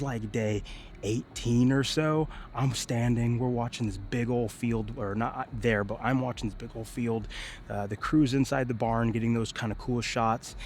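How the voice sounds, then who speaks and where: A young man in the middle of a vlog, talking casually with lots of fillers and slang. His voice sits in an ordinary middle register. When he acts out quoted lines, he suddenly jumps up in pitch and loudness. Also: a little hiss or hum. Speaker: vlogger.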